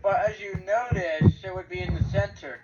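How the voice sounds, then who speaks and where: A man's voice: high voice, moderate pace. A man, a guest volunteer, explaining computer settings in a brief, matter-of-fact way. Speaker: guest volunteer helping the host. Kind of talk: casual explanation. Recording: dull, noisy, off-mic sound.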